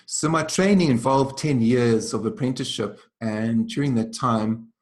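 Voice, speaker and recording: A man from South Africa, a traditional healer as guest, telling stories in a gentle, measured way that often slows and softens. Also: medium pitch. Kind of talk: reflective storytelling interview.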